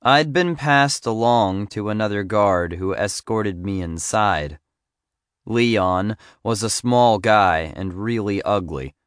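A man narrating a first-person story in a measured, even audiobook reading. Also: on the low side, no room sound, studio quality.

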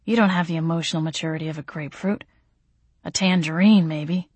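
A woman's voice: low-pitched, brisk, a little mellow, dry recording. A woman voicing an old-fashioned male vampire lover, bemused and soothing. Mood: dry.

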